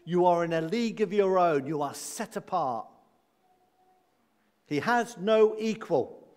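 A man preaches a sermon with a slightly high voice, leaning on key phrases and repeating them. His voice carries a long reverb, as if from a church hall. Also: animated, unhurried, darkish tone.

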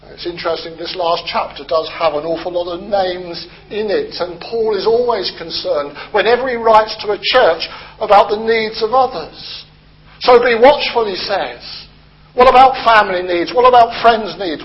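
High-voiced man preaching. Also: lo-fi sound. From Britain. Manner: conversational, gently humorous expository preaching. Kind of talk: sermon.

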